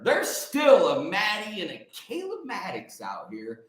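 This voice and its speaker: A man in his forties with a high voice hosts an energetic livestream, calling out viewers by name and preaching in bursts of repeated phrases. He sounds like he is in a very echoey room. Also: measured pace, few pauses. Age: 40s. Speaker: livestream host.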